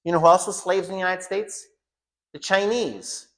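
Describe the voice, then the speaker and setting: A man's voice: high-pitched, moderate pace, fairly bright tone. A man giving an informal home school lecture, blunt and emphatic, often repeating phrases for stress.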